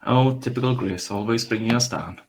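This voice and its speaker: A man's voice: medium pitch, brisk. A man playing a tabletop game, teasing the others in casual chat. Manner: teasing, playful. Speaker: player.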